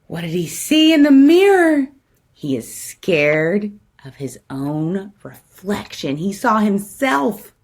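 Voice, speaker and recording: A woman's voice: medium pitch, sing-song, slow pace, darkish tone. A woman reading a picture book aloud to children, with playful, chatty asides. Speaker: guest storybook reader.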